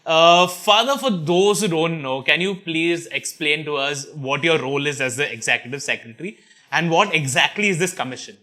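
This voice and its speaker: A man's voice: a little high, moderate pace, sharp tone. A man hosting a casual interview, playful and laughing often. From Mumbai, India. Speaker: host.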